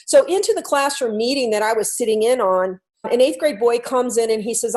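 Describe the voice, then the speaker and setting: A woman coach telling a classroom story in a lively, conversational talk, explaining her ideas through questions. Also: fairly high pitch, brisk, hardly any pauses. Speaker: workplace culture coach.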